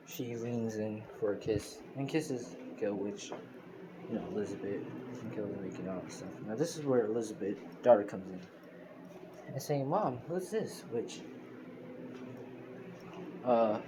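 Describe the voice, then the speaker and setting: A man casually retelling a fan-made story, rambling with lots of fillers and restarts. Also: on the low side. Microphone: phone screen recorder. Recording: noisy phone recording.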